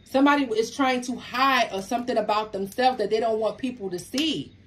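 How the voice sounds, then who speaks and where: Animated woman giving a tarot reading. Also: a little high, brisk, slight background noise. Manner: animated, emphatic, talks back to the cards. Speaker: tarot reader. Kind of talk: casual tarot reading to camera.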